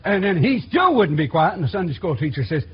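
A man preaching a sermon in a church, folksy and animated, acting out quotes with sudden loud outbursts. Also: sits high, fast, slightly rough. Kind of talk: sermon with storytelling. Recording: dull lo-fi recording.

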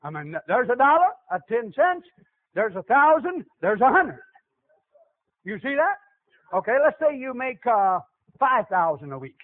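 High-voiced, animated preacher on tinny radio. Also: male voice, measured pace. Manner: animated call-and-response preaching. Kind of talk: sermon.

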